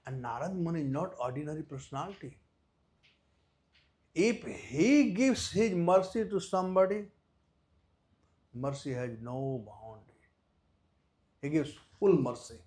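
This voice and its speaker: A man with an Indian accent giving a devotional lecture, telling a story with loud stresses and soft drops and nonstandard English grammar. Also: a little high, sing-song, unhurried, long pauses. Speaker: visiting speaker at a temple.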